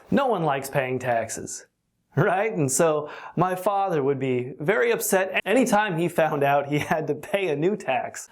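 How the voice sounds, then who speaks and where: Online English tutor, unhurried and carefully spaced delivery, mid-pitched, chuckles between examples. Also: lively intonation. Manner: slow, deliberate explaining with occasional laughs. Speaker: English teacher. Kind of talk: online language lesson.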